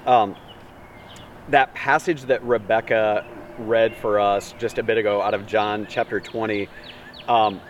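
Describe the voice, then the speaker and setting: Male pastor, Easter sermon, animated dramatic storytelling, heard from a distance, faint background noise. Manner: animated, dramatic storytelling with big pitch swings.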